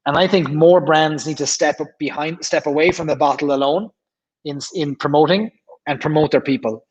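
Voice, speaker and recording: An Irish man hosts a relaxed livestream and talks straight into a desk mic. His voice sits a little high, and he chats loosely, reads viewer comments aloud and often repeats himself. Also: normal speed, slightly rough, highs cut off. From Ireland. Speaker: livestream host. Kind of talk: casual livestream chat reading comments.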